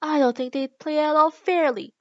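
A woman's voice: high voice, big pitch swings, normal speed, a bit bright, no room sound. Polite, timid young girl, read by a woman; storybook voice, dry and lo-fi.

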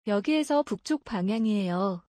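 Woman reading prompts super fast, kinda high voice, dry sound. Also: lively intonation, darkish tone, no echo. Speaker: Korean prompt reader. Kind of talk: brisk reading of lesson prompts.

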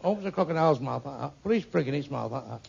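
An older man, a stand-up comedian, telling crude jokes full of swearing with deadpan punchlines. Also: medium pitch, racing, vocal fry, breathy edge. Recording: muffled lo-fi with faint hiss.

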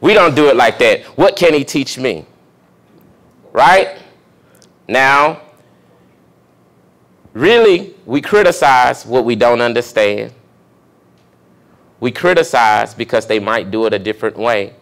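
A man's voice: medium pitch, animated, slow pace, pauses often, fairly bright tone. A young adult man, a pastor, giving a conversational sermon and checking in with the congregation with questions. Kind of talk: sermon teaching.

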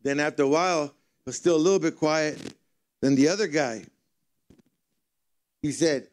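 Pausing often, this male pastor speaks a little high and a little mellow at a moderate pace. His church sermon has a conversational feel, full of humorous storytelling.

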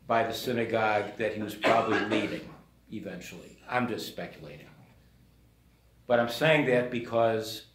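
Man, priest, sermon, slow deliberate delivery, storytelling tone, roomy church echo. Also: medium pitch, fairly bright tone, slight background noise. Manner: conversational storytelling, acting out quoted voices. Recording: echoey church room.

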